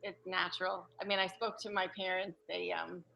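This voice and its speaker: A woman from New York, a guest author, talking casually and joking, with quick self-corrections. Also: on the low side, flat delivery, vocal fry, pushed and bright, a little hiss or hum, poor audio. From New York, USA. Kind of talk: casual talk at the end of an online Q&A.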